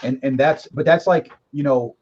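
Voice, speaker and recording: A man's voice: mid-range voice, normal speed, a little mellow, a little hiss or hum. A middle-aged man, a guest in a casual conversation, telling his story candidly and emphatically, with some swearing. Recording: dull lo-fi recording.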